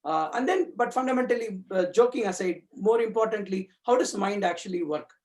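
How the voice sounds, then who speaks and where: With a high voice and a brisk delivery, a community speaker talks thoughtfully about his spiritual reading. He searches for words, using many fillers and starting sentences over.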